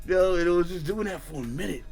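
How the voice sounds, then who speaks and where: A young man hosting an anime reaction channel, ranting casually in profane slang and breaking into shouts and laughs. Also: sits high, expressive, fast, creaky, faint music behind. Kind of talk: casual reaction review rant.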